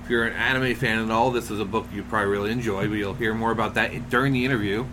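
A man's voice: lowish voice, steady tone, rapid-fire, noisy background. A man hosting a casual podcast, talking in a loose, jokey way. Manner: jokey, rambling. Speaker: podcast host and announcer.

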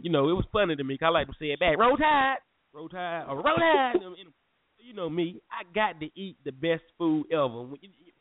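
A young man from North Carolina, animated and slangy, telling a story to listeners as a podcast host. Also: on the high side, no echo. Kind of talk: casual storytelling. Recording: phone-like lo-fi audio with faint music.

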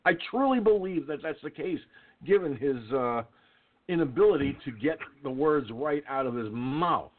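A man hosts an online talk show in a profane, blustering rant, circling back to the same points. His voice sits a little high and swings widely in pitch. It comes through a narrow, phone-like line. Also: lively intonation, normal speed. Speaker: radio show host. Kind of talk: ranting call-in talk show.

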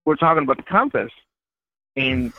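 A truck driving trainer talking easily as a guest, in loose runs with many fillers. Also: male voice, mid-range voice, lively intonation, normal speed, no echo. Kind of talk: casual interview chat. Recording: dry, tinny phone-like line.

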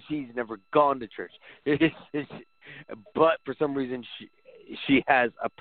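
A man's voice: medium pitch, slow, dry recording. A man co-hosting a casual horror film podcast, talking loosely and chuckling as he goes. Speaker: podcast co-host. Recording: dry phone-like sound.

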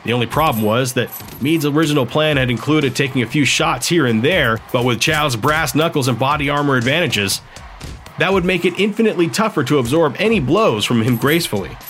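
A man reading a sci-fi audiobook in steady, even scripted narration. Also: fairly high pitch, brisk, faint music behind.

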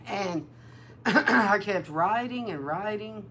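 A woman minister giving an emotional testimony in a sermon, telling her story with animated feeling. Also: medium pitch, slight background noise. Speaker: prophetic minister.

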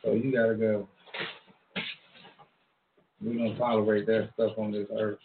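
A man's voice: lowish voice, little pitch movement, unhurried, slight background noise. A man from Long Island, New York, hosting a casual, slangy street-talk monologue in a laid-back drawl. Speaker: show host. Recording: echoey room over a tinny phone-like line.

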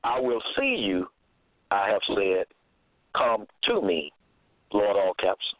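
A man teaching scripture in a deliberate, repetitive way, quoting verses and checking in with "okay?" as he goes. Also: fairly low pitch, big pitch swings, dry recording. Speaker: preacher. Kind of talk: slow scripture teaching monologue. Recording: tinny phone-line sound, dry.

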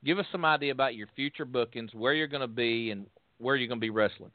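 A man's voice: medium pitch, fast talker, no room sound. A man hosting a casual interview show, welcoming guests and asking questions with friendly hesitations. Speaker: podcast host and announcer. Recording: phone-like, dry sound.

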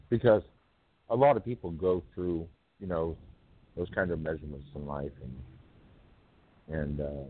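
A man hosting a poetry call-in radio show, rambling and halting with many fillers. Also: sits low, dry recording. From North Carolina. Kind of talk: casual call-in chat. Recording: tinny phone line.

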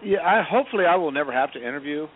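Brief: male host, lively higher voice, chatty and loose, tinny phone-line audio. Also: racing. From Indiana. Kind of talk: casual panel discussion.

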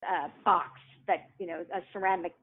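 A woman's voice: on the low side, steady tone, normal speed, husky. A middle-aged woman, a guest author, telling personal stories in a casual, chatty way, laughing often and restarting sentences. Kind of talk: casual storytelling. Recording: tinny phone line.

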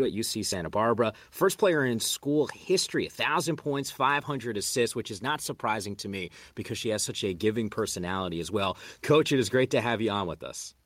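A man's voice: fairly low pitch, fairly bright tone, no room sound. A man hosting a podcast interview, asking chatty, friendly questions. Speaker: podcast host. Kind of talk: casual interview.

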